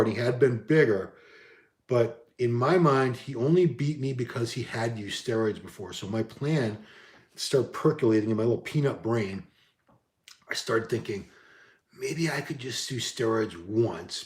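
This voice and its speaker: Man, vlogger, candid and rambling, mid pitch, roomy echo. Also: a little mellow. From Boston area. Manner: rambling, candid, self-deprecating. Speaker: bodybuilding vlogger. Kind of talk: casual chat reading viewer comments. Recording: echoey room.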